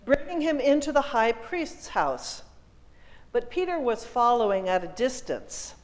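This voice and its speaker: A woman reading scripture aloud as the lector at a service, slow and deliberate. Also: a little high, big-room sound, poor audio.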